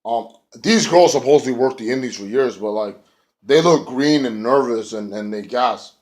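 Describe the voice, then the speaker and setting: Brief: a man recapping wrestling, loose and rambling, swears a lot, jumps into quick impressions. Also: mid-range voice, a little mellow. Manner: rambling and profane, acts out quotes. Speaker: wrestling show reviewer. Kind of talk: casual recap rant.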